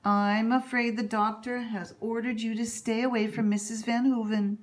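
A woman reading aloud and voicing a firm mother who speaks in a brisk, matter-of-fact way. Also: a little high, little pitch movement, close to an everyday voice. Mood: stern. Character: firm mother delivering bad news.

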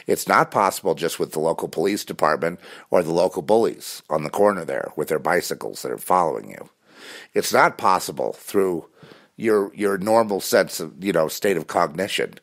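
A man's voice: sits low, gravelly, a bit bright. A man talking intensely in a rambling spiritual monologue, full of restarts and fillers.

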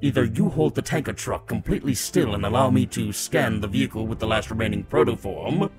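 A man's voice: mid-range voice, animated, a little fast, over loud music, natural voice. A man voicing a pompous, short-tempered villainous robot warlord in a fan parody cartoon dub, speaking in a grandiose, theatrical way and barking orders. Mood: gloating.

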